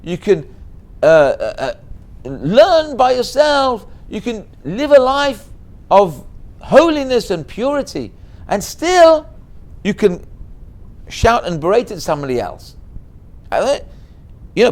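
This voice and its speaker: A middle-aged man giving a Torah lesson as a rabbi, telling a story in a lively way and mixing in Hebrew and Yiddish words. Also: high voice, takes it slowly, long pauses.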